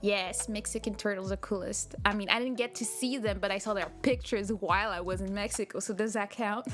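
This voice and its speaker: A woman's voice: mid-range voice, fairly quick, a bit bright. A young woman streaming live, chatting casually with viewers, answering their questions and laughing often. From Canada. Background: background music.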